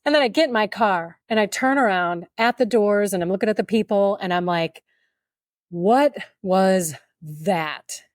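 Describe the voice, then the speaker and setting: A woman guest on a podcast, telling her story in an animated, humorous and emotional way. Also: medium pitch, fairly quick, few pauses, no echo, clean studio sound. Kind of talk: storytelling testimony.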